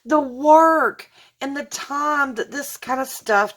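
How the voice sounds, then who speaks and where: A woman's voice: high voice, takes it slowly, fairly bright tone. Gushing woman vlogger. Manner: gushing and effusive, says y'all. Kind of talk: casual unboxing vlog.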